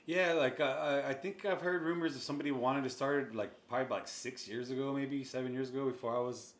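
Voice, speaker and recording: An easygoing man answers interview questions, often laughing and pausing to find his words. His voice rings in a roomy, echoing space. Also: mid-range voice, steady tone. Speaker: guest, music label owner. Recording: roomy echo.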